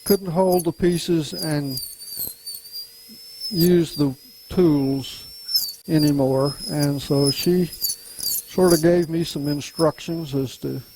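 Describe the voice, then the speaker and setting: An older man from Louisiana with a softened Southern accent, giving an unhurried, folksy woodworking demonstration to a club. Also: a little high, steady tone, noisy background. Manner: unhurried, folksy, chuckles often. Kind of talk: casual demonstration talk.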